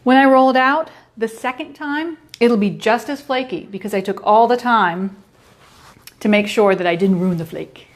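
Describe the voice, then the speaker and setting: A woman's voice: fairly high pitch, normal speed. A middle-aged woman hosting a baking show, giving a chatty, playful cooking demonstration with little sound effects.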